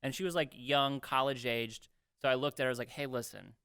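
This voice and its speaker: Animated young man telling a story. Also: medium pitch, fast, clear, resonant tone, dry recording, studio quality. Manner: animated, acts out quotes, swears freely. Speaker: podcast co-host. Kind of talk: casual storytelling.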